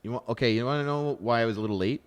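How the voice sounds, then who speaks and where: Smooth-voiced man telling stories. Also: mid-range voice, very fast. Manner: storytelling, animated retelling of conversations. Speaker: podcast host. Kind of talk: casual chat.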